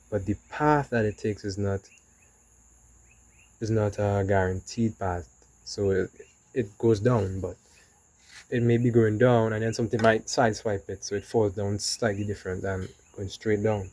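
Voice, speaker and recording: A man's voice: lowish voice, steady tone, normal speed, darkish tone, dry recording, rough recording. A man talking casually in a rambling motivational monologue, often saying "you know". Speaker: vlogger.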